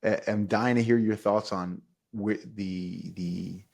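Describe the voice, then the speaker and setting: A man's voice: fairly low pitch, steady tone, slow, gravelly, darkish tone. A middle-aged man, a former pro football player, telling stories animatedly in casual conversation and laughing as he goes.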